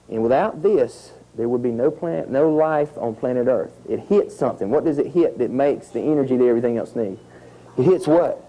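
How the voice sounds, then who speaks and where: A man with a drawl leads schoolchildren through an outdoor lesson. He tells it as a lively story, tossing in sound effects and questions for the kids. His voice is warm and mellow. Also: a little high, rough recording. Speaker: environmental educator. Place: outdoors at a nature center.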